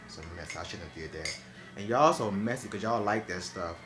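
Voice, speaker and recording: A man's voice: low voice, animated, a little fast, reverberant, very noisy. A chatty young man, talking casually to camera at home. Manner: chatty, talks straight to viewers. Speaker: vlogger. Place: indoors at home.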